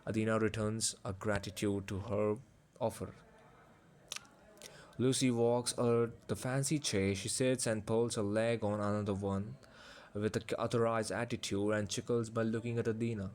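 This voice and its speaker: A man reads a fantasy story aloud as an audiobook narrator. His delivery is measured and steady, in a plain speaking voice. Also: on the low side.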